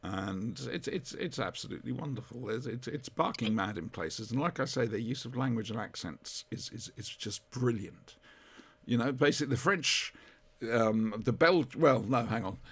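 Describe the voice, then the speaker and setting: A man's voice: medium pitch, animated, normal speed, a bit bright, breathy edge. A man chatting on a podcast, rambling and correcting himself as he enthuses about old TV comedy. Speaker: podcast co-host. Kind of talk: casual chat reviewing TV comedy.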